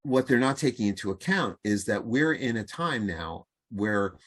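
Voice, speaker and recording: A man speaking as a podcast guest, a communication coach and author, talking in an animated way and acting out the voices he quotes. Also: lowish voice, moderate pace. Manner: animated, acts out quoted voices, laughs easily. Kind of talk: conversational interview.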